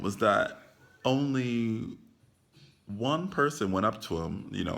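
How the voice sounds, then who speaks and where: Young man, low-pitched rambling vlogger. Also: fairly bright tone. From United States. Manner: rambling, heavy use of "like", swears freely. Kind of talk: casual film commentary to camera. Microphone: phone camera.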